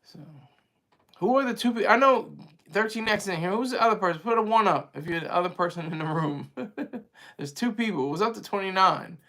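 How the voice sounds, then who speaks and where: A man's voice: sits high, animated, fairly quick, gravelly, bright, forceful tone. A man hosting a livestream, talking casually with his viewers in a rambling, chatty way and laughing easily. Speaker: livestream host reading viewer chat.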